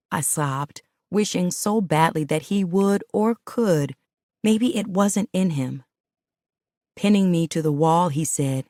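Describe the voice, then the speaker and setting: A woman's voice: lowish voice, animated, measured pace, dark tone, no room sound, studio quality. A woman narrating a first-person audiobook with intimate, emotional storytelling.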